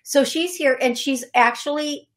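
A middle-aged woman hosting a call-in radio show as a psychic medium, talking in a halting way with many fillers and restarts. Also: high voice, a bit bright.

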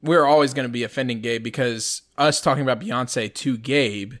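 A man's voice: medium pitch, normal speed, fairly bright tone. A man co-hosting a podcast, chatting casually in a rambling, jokey way. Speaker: podcast co-host. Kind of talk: casual chat.

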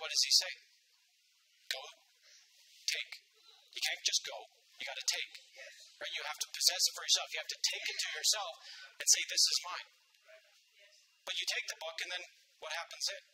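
A man's voice: very high voice, sharp tone, husky, low-quality recording. A man preaching a sermon with fervor, repeating phrases for emphasis and punctuating with "amen" and "right?". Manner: calls out "amen" and asks "right?".

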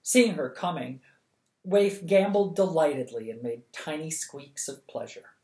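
A reader narrating a novel for bedtime at a steady, lively pace. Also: medium pitch, unhurried. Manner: steady, lively, acts out the dialogue. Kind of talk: audiobook reading of a novel. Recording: echoey room.

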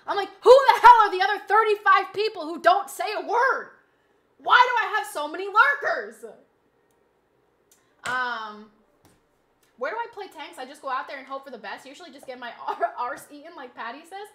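A woman's voice: sits high, fairly bright tone. A young woman streamer chatting casually to her live chat, giggly and talkative, at a desk mic. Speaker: game streamer.

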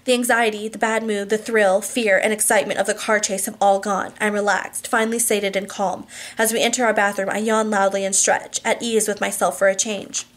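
A woman's voice: mid-range voice, level tone, fairly quick, hardly any pauses, fairly bright tone. A woman narrating a novel in the first person, reading steadily and evenly, and sometimes stumbling over a word. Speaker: audiobook reader.

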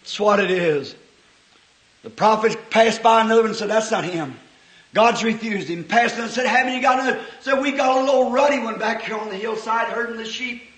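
High, bright-voiced man preaching passionately. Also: brisk. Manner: impassioned preaching that swings from hushed to sudden shouts; folksy, homespun phrasing. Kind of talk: sermon. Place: church service with congregation. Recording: echoey old church sermon recording.

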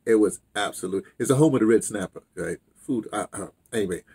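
A man's voice: on the low side, fairly quick, a little mellow, breathy edge. A man casually telling a rambling story, drifting off on side tracks. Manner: loose, digressive, heavy on fillers and restarts.

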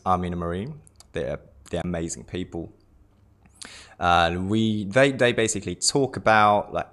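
In a low, somewhat bright voice, a twentysomething lifestylist from Japan gives a casual self-introduction. A native Japanese speaker with a British-tinged English accent, he chats loosely about himself, repeating words and joking on the side.

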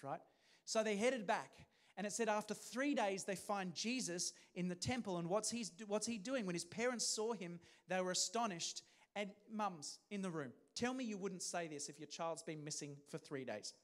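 A man's voice: sits high, a little fast. A man preaching a sermon as pastor, talking in a conversational way and putting questions to the congregation.

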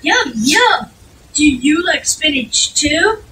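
A woman's voice: high voice, big pitch swings, slow pace, heavily acted. A woman voicing a cheerful, playful little child in a children's cartoon, eager and asking many questions. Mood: excited. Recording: distant mic with clear background noise.

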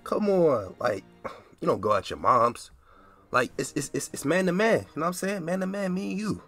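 A man's voice: a little high, lively intonation, moderate pace, a bit bright, soft background music. A young man giving casual gameplay commentary, incredulous and repeating himself with frequent stammers. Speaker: gaming video creator.

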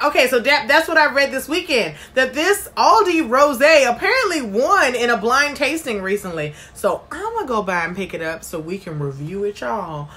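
Bubbly, bright-voiced woman hosting a livestream. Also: sits high. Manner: bubbly, chatty, greets viewers by name. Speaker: livestream host. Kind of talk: casual live-stream chat reading viewer comments.

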